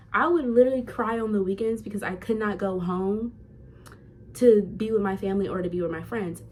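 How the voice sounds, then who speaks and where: A woman's voice: medium pitch, darkish tone, slight background noise. A young woman, a nursing student, talking candidly and chattily to her viewers in a casual vlog. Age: young adult.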